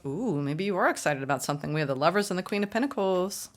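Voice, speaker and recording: A woman reading tarot for her viewers, chatty and upbeat, often gushing with excitement. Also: fairly low pitch, fast, few pauses, noisy background. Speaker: tarot reader.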